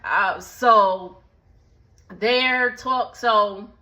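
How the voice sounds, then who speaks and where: Woman, casual recap host, lively slangy storytelling, crisp bright voice. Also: medium pitch, drawn-out words, highs cut off. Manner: chatty, slangy, animated retelling with asides. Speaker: movie recap vlogger.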